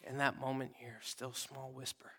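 A young man preaching a sermon in casual, conversational words, swinging from loud readings to soft whispered asides. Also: mid-range voice, flat delivery, fairly quick, creaky, in a large hall. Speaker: pastor. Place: church sanctuary.

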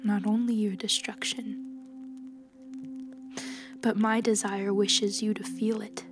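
A calm young healer speaks softly and gravely, as a woman reads her in a storybook tale. Her voice is hushed and steady, low in volume and flat in its melody, with music beneath. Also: natural voice. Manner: soft, calm, measured speech.

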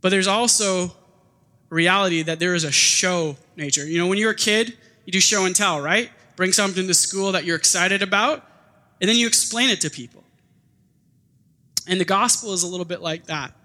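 A man preaching in a high, bright voice, talking casually and acting out little quoted bits as he goes. His words ring out through a church hall with a long echo. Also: moderate pace. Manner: conversational, animated preaching with acted-out quotes. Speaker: pastor. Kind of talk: sermon.

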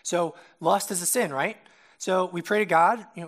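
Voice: mid-range voice, moderate pace, a bit bright. A young adult preacher giving a casual, conversational sermon, often checking in with the listeners by asking "right?".

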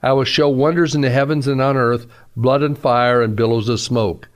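Pastor guy preaching on the radio, earnest and pushy, average pitch. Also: steady tone, normal speed. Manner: earnest, exhorting, rises to emphatic peaks. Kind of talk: radio sermon.

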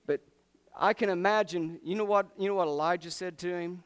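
A man preaching a sermon, telling the story with animated delivery and acting out the voices of biblical figures. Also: high voice, moderate pace, clear, resonant tone.

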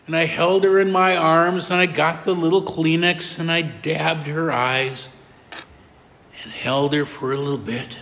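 A middle-aged man, a pastor preaching a sermon with emphatic repetition and soft drops for tender moments. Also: on the high side, fairly even intonation, unhurried, gravelly. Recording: long hall reverb.

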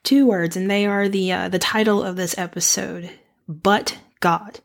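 A young woman hosts a devotional podcast in an earnest, reflective manner, her voice slightly raspy and nasal because she's recovering from the flu. She speaks at a medium pitch in a steady tone and at a moderate pace.

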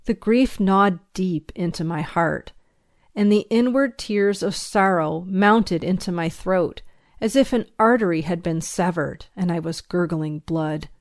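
A woman narrates an audiobook chapter in a measured, even voice. She takes her time, and the recording is close and dry with no room sound. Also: on the low side, dry recording. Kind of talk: scripted narration.

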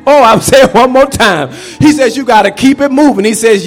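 A man preaching a sermon as pastor, shouting and calling out to the congregation. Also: very high voice, normal speed, soft background music. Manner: shouting, preacherly call-and-response.

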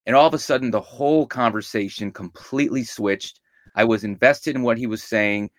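A man's voice: mid-range voice, brisk, no echo, studio quality. A middle-aged man hosting a podcast, telling stories in an upbeat, casual way. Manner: upbeat, storytelling. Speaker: podcast host.

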